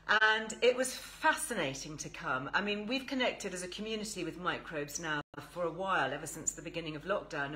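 A woman's voice: mid-range voice, bright, forceful tone, rough recording. An English woman hosting a live stream, chatting enthusiastically and greeting viewers. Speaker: host.

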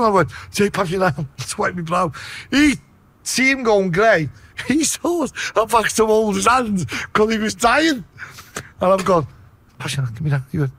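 A man with a Liverpool accent telling a story in a casual way, swearing a lot and acting out his own shouts. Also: sits high, sing-song, normal speed, dry recording. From Liverpool, England.

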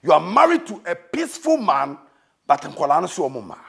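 A man with a Ghanaian accent giving a dramatic, scolding comic sermon that bursts into shouting. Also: fairly high pitch, huge pitch swings, brisk, creaky, breathy edge. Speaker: preacher.

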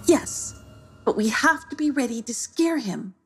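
A woman's voice: high voice, expressive, unhurried, breathy edge, faint music behind, pitched above the performer's own voice, heavily acted. A woman voicing a confident, clever young girl twin in a children's story. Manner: confident, proud.

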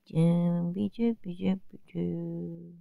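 A woman's voice: medium pitch, expressive, drawn-out words, smooth, dry recording, narrow, tinny audio. A whimpering, scared little boy, voiced by a woman. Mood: nervous. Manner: whimpering, fearful. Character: timid, whiny young boy.

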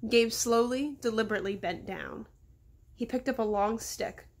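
A woman reads her own children's novel aloud at home, in a fairly high voice. She tells the story in a steady, plain way and gives the boys' lines small shifts of voice. The reading has the feel of a home recording rather than a studio. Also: measured pace. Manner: stops to talk to her dog, then goes on reading.

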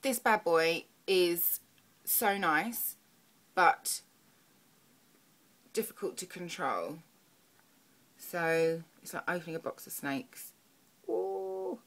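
A woman's voice: fairly low pitch, slow pace, pauses often. A young woman chatting through a makeup tutorial, muttering to herself as she works. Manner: chatty, talks to herself while working, soft murmurs. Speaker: beauty vlogger.

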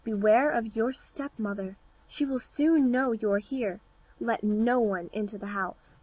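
A woman voicing seven little dwarf men in a storybook reading, speaking in high, excited exclamations. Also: unhurried, muffled recording. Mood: earnest.

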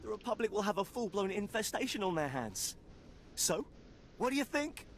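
An actor playing an excitable male Imperial schemer in a video game, pitching a plan with eager glee. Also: moderate pace, slight background noise. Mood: gleeful. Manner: eager, gleeful salesman pitch.

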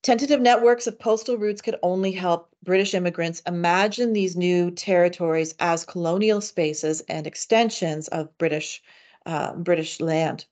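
A woman giving an academic seminar paper in a measured way, with frequent fillers and restarts. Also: on the low side, darkish tone. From Canada. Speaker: academic speaker. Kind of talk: seminar lecture reading a paper.

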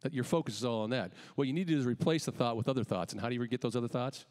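A male pastor delivers an emphatic sermon in a middle-pitched voice. He swings between rising calls and quiet, dropped phrase endings. His voice carries a long reverb through the church sanctuary. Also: rapid-fire.

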